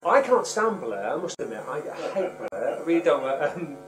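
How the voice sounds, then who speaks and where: A man's voice: a little high, sing-song, normal speed, a crowd in the background. A man with a Liverpool accent hosting a podcast, rambling and joking with plenty of fillers. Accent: Liverpool English. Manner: rambling, jokey, lots of fillers. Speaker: podcast host. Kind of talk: casual chat. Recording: echoey room with background noise.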